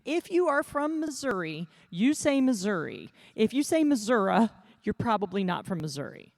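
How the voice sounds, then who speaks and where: A woman's voice: fairly high pitch, very animated, normal speed, no echo. Chatty woman interviewer, dry sound. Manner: chatty, encouraging questions. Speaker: event interviewer. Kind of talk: friendly stage interview.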